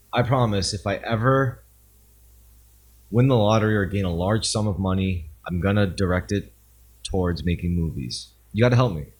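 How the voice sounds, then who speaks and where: A man's voice: low-pitched, darkish tone, husky. A young man co-hosting a podcast in casual chat, joking, laughing often and trailing off mid-sentence. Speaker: podcast co-host.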